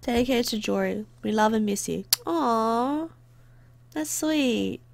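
A woman's voice: medium pitch, animated, normal speed, vocal fry. A woman hosting a gaming channel, giving wry, chatty let's play commentary. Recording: loud music behind voice.

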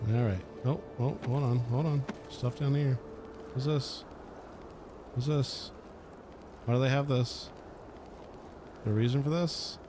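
A man's voice: medium pitch, steady tone, slow pace, long pauses, noisy background. A man casually commenting on a video game as he plays, chatty and sarcastic, swearing freely. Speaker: let's play host. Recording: game music under the voice.

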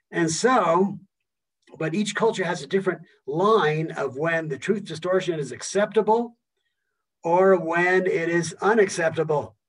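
A man's voice: a little high, breathy edge, distant mic, poor audio. A man from Philadelphia giving a public museum lecture, emphatic and checking in with the audience often. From Philadelphia, United States. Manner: emphatic, keeps checking in with "okay?".

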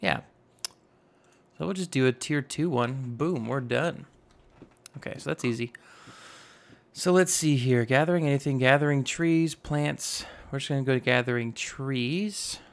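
A man in his twenties with a slightly raspy voice, casually narrating a building game and rambling as he goes. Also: mid-range voice. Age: 20s. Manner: rambling, self-teasing, narrates each step aloud. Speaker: gaming YouTuber. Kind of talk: casual Minecraft let's play commentary.

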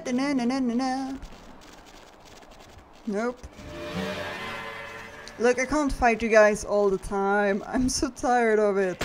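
A woman's voice: medium pitch, background noise. A woman giving casual let's-play commentary, flustered and swearing, chanting "nope" over and over. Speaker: gaming video creator.

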